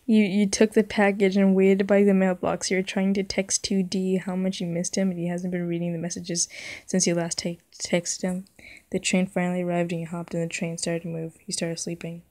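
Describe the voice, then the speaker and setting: A woman's voice: lowish voice, completely flat delivery, brisk, warm tone. A young woman reading a joke fan story aloud, giggling often and stumbling over and repeating words. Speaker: channel host.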